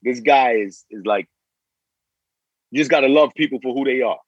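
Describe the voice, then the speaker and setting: Brief: forties male guest, husky and dry, cursing street-slang storyteller, lo-fi dull recording. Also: mid-range voice, normal speed, no room sound. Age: 40s. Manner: profane street slang, repeats and restarts phrases. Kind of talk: casual interview storytelling.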